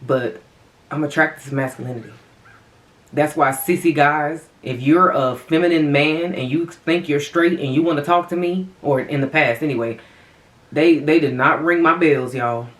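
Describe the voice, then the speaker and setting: A woman's voice: deep voice, moderate pace, reverberant. A woman vlogger chatting casually to viewers while eating, calling them y'all, her voice swinging up and down. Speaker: mukbang vlogger.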